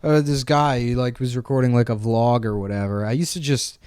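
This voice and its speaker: Deadpan man with a smooth clear voice. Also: mid-range voice, fairly quick, no room sound, clean studio sound. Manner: deadpan, crude jokes. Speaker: podcast co-host. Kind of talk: casual comedic chat.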